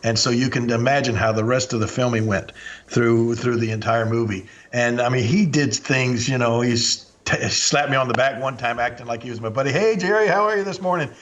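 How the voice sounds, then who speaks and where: An older man tells a story on his podcast in a relaxed, chatty way. He acts out what the others said as he goes. His voice sits at an ordinary middle pitch. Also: fairly quick, slight background noise. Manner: animated anecdote-telling, acts out quoted lines. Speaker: podcast host. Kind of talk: casual storytelling.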